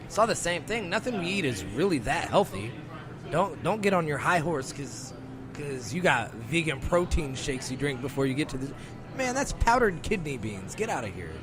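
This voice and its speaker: A man on a radio show, venting in a lively, exasperated, joking rant. His voice sits a little high. Music plays clearly underneath him. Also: moderate pace. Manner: animated, exasperated ranting with laughs. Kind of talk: casual comedic rant.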